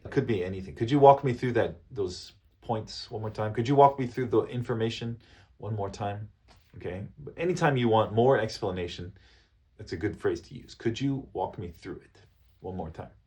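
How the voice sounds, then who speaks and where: A man's voice: on the low side, darkish tone. Patient man teaching business English. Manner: patient, repeats each phrase slowly with frequent "okay?". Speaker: English coach. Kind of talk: business English lesson to camera.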